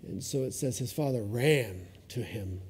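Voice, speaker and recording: A man's voice: mid-range voice, measured pace, slightly rough. A man preaching a sermon, retelling a story expressively. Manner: expressive, shifts voice for characters.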